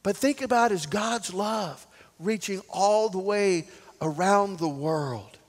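A man preaching a sermon as pastor, swinging from loud to soft. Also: high voice, takes it slowly, big-room sound.

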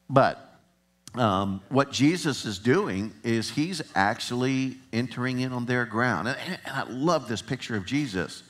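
A man preaching a sermon in a conversational way, chuckling at times and building to emphatic passages. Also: mid-range voice.

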